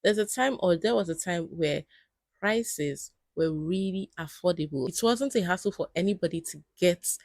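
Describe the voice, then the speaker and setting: Woman vlogger talking to her viewers, lowish voice, dry close sound. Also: normal speed, a little mellow, dry recording. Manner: chatty, addresses viewers as guys. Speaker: vlogger reacting to clips. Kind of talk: casual commentary to viewers.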